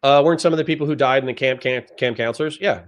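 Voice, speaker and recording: A man's voice: mid-range voice, quick pace. Heated, profane man ranting at chat. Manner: heated, profane, lectures the audience. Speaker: streamer reacting to chat. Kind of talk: ranting political commentary.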